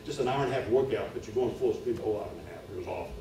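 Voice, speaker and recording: A man's voice: on the low side, racing, vocal fry. Man preaching in an echoey hall. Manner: storytelling that builds to loud preaching. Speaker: retreat speaker. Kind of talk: sermon with a personal story. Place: church retreat hall. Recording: echoey hall, far from mic, music behind.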